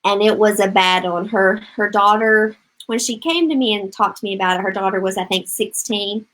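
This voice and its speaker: A woman's voice: medium pitch, brisk, fairly bright tone, low-quality recording. A middle-aged woman gives parenting advice on a live stream with an upbeat, encouraging voice. She speaks straight to the parents watching, with a voice in the middle of the range for a woman, and reads out and answers viewer comments. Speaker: parenting coach.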